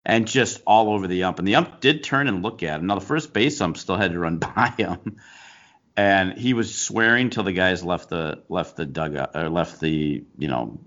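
Very deep-voiced man telling a story. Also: normal speed, muffled recording. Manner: animated storytelling, frequent restarts and laughs. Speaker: co-host, baseball coach. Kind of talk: casual chat.

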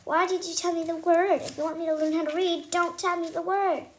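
A woman voicing an excitable, dramatic little girl with bubbly, insistent outbursts, read aloud from a storybook. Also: very high voice, fairly quick, slight background noise, voice pushed up. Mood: bossy.

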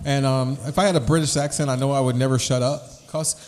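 A man's voice: medium pitch, fairly even intonation, fast, a little mellow, long reverb tail. A man hosting a casual podcast chat, rambling, repeating himself and slipping into rhymes. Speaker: podcast host.

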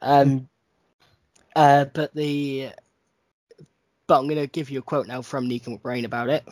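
A man's voice: medium pitch, a little slow, no echo. A man co-hosting a podcast, chatting casually and a bit sleepily. He swears a lot and slips into silly mocking voices. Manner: sweary, animated, mimics people in silly voices. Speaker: podcast co-host. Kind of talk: casual chat.

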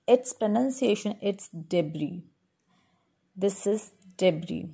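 Very slow, deliberate woman teacher. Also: mid-range voice, a little mellow. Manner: spells words letter by letter, repeats slowly; instructive, addresses class directly. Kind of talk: pronunciation lesson for schoolchildren.

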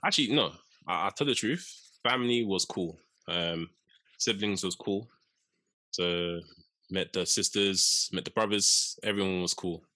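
A young man with a low, bright, forceful voice, animatedly telling a story and acting out quotes. He sounds recorded close and dry, with little room sound. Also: unhurried, dry recording. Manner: animated storyteller, acts out quotes, laughs often. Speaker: podcast co-host. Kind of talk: casual storytelling chat.

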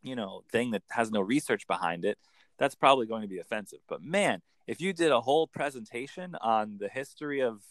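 A man, a coach explaining in an enthusiastic conversational interview with quick acted examples. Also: medium pitch, expressive, fairly bright tone, dry recording. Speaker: accent coach.

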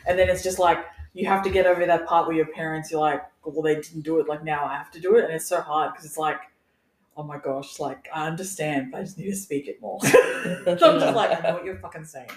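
A woman in her thirties from Australia, co-hosting a podcast in casual chat, telling lively stories, swearing and laughing often. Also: low-pitched, fast, a crowd in the background. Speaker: podcast co-host. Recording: echoey room.

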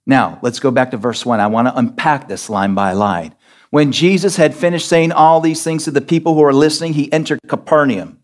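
A man preaching as pastor, reading scripture aloud and drawing call-and-response from his congregation. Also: mid-range voice. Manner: reads scripture aloud, then unpacks it. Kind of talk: sermon.

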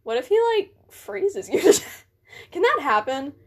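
A woman's voice: high voice, sing-song, slow pace. Blunt, joking young American woman. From United States. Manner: blunt, joking, swears freely. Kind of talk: casual chat.

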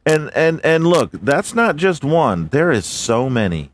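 A man's voice: fairly high pitch, big pitch swings, measured pace. A man hosting a casual solo podcast, swearing a lot, laughing, and fumbling through hard names. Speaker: podcast host.

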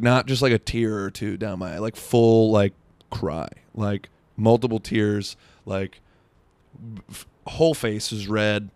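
Young man, low voice, rambling comedic monologue, crude humor, dry close sound. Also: no echo. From South Florida. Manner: rambling, crude, self-interrupting with lots of "like".

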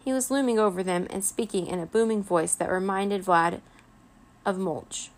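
A woman reads a children's chapter book aloud as a bedtime story, gentle and expressive in her storytelling. Her voice has a gravelly, creaky texture at a middling pitch. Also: normal speed.

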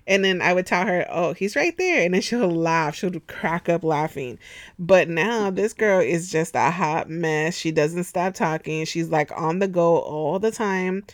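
A woman in her thirties hosting a podcast at home, chatty and expressive, laughing often. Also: fairly low pitch, unhurried, no room sound. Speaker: podcast host. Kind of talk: casual chat.

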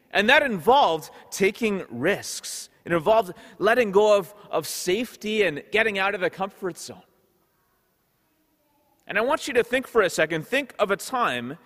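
In a long, reverberant hall, a man whose voice is a little high and fairly bright gives a storytelling Sunday sermon as parish pastor. He's conversational and keeps repeating words as he talks.

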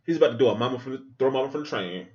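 A man's voice: mid-range voice, rapid-fire, highs cut off. A man hosting a podcast, talking casually and with profanity as he reacts aloud to a movie. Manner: animated, profane, thinks aloud with asides. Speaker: podcast host watching a movie.

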